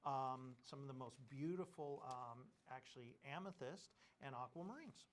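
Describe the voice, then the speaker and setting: A man's voice: medium pitch, expressive, moderate pace. A man co-hosting a live jewelry shopping presentation, explaining gem sources and craftsmanship in detail.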